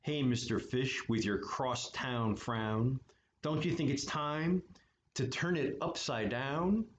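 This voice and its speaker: A man's voice: mid-range voice, slow pace, echoey room, a little hiss or hum, lightly acted. A man voicing a cheerful, grinning female clam who gives friendly advice in a storybook reading. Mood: coaxing.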